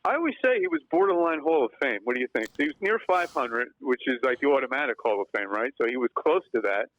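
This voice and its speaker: Lively co-host, a man. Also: medium pitch, fast, no room sound, lo-fi sound. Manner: chatty, asks questions back, agrees readily. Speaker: podcast co-host. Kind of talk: casual sports chat.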